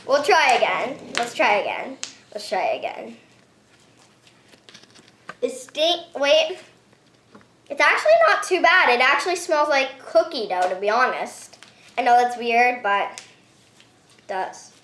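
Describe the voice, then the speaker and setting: Woman host, excitable slime vlog, high lively voice, bright, echoey small room. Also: measured pace. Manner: excitable, squeals and shrieks often. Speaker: slime-making vlogger. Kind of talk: excited hands-on vlog narration. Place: home bathroom and table.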